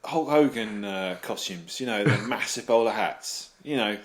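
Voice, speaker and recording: Low-voiced man bantering. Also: animated, normal speed, hardly any pauses. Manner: jokey banter, laughs often. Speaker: podcast co-host. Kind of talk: casual chat.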